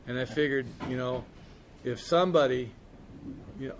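A man's voice: medium pitch, normal speed, creaky, slight background noise. Candid middle-aged man telling a story. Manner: candid, rambling, peppered with "man" and "you know". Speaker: recovery speaker sharing his story. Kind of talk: storytelling talk.

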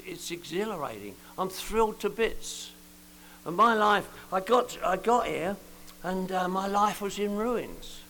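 Gravelly older man telling his story. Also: high voice, bright, forceful tone, slight background noise, low-quality recording. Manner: joking, colloquial storyteller with slangy asides. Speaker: recovery meeting speaker. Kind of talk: personal testimony to a meeting.

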